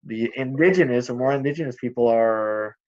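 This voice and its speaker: A man speaking as a guest in a casual discussion, halting and searching for his words. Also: mid-range voice, darkish tone, dull audio.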